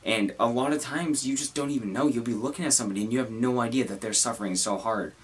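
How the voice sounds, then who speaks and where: A young man talking to camera about his own feelings, halting and earnest, with many restarts. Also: mid-range voice, husky. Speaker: content creator. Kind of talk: personal talk to camera.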